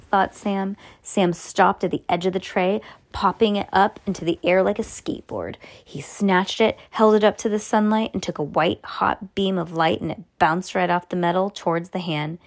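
A woman reading a children's chapter book aloud, lively and animated, her voice jumping high on the exclamations. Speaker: storybook reader.

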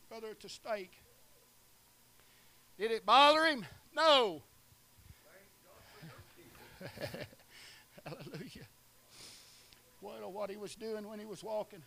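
A man from Eastern Oklahoma preaching a sermon in a very bright, gravelly voice. He rises into shouted, chanting runs and then falls back to softer asides. A faint hiss sits under the recording. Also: high-pitched. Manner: chanting shouted preaching, short laughs between lines.

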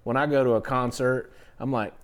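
Speaking at a brisk clip in a mid-range voice, this middle-aged guest songwriter tells stories in a relaxed interview. He's animated and does other voices when quoting people.

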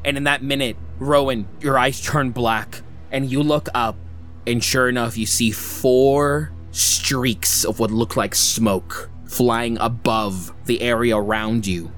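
A man narrating a tabletop game as game master, slowly describing the scene with many hedging "sort of"s. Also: medium pitch, steady tone, fairly bright tone, faint music behind.

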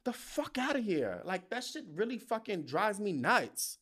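Podcast host, young man; swings between high and low in a lively, profane rant about work. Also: unhurried. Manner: profane, heated venting with lively storytelling. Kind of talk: casual monologue rant.

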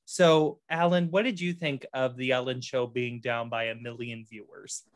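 A man's voice: medium pitch, steady tone, moderate pace, no echo, clean studio sound. A man hosting a casual podcast chat, playful and camp, often laughing. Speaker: podcast host.

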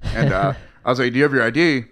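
A man's voice: medium pitch, fast talker, fairly bright tone. A young man, a podcast guest who works as a bar doorman, telling stories in casual chat, swearing and laughing often and acting out other people's voices.

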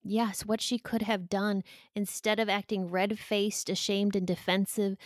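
A woman in her forties, a podcast guest, talking candidly and emotionally with pauses and restarts. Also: mid-range voice, no echo, studio quality. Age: 40s. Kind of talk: candid interview talk.

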